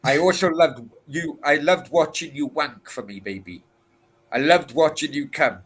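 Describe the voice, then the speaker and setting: A doting, flirty Russian woman, as an English man puts her on in a loose mock accent. The tone stays bright and a little sharp. Pet names stretch out and dip low. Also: normal speed, husky.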